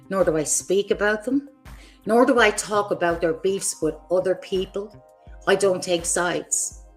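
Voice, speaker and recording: A woman hosting her own livestream, delivering an angry, profane, confrontational rant at other creators. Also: on the low side. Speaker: streamer host.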